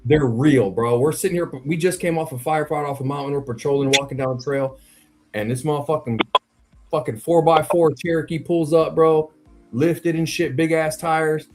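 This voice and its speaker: A man's voice: a little high, normal speed, darkish tone, soft background music. A man telling a spooky story in a loose, profane, slang-heavy casual chat, talking directly to his co-host. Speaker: podcast co-host.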